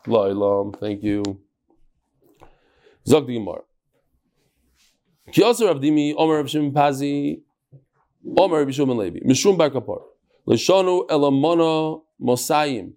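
Animated man teaching Talmud. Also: on the high side, normal speed, pauses often. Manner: mixes Yiddish-Hebrew terms into English, acts out dialogue.

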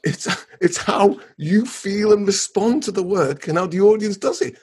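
A man's voice: sits high, normal speed, a little mellow, slightly rough. A man, an artist co-hosting a podcast, talking earnestly and emphatically. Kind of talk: podcast discussion.

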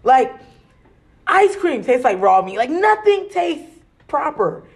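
A woman from Arizona in casual chat, telling an animated, slangy story and laughing often. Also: high-pitched, takes it slowly.

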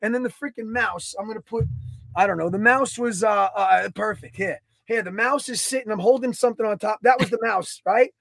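A man co-hosting a podcast, telling a story in a casual, animated way, swearing and acting out his own quotes. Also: high voice, fairly quick, vocal fry, dry recording. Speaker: podcast co-host. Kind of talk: casual chat.

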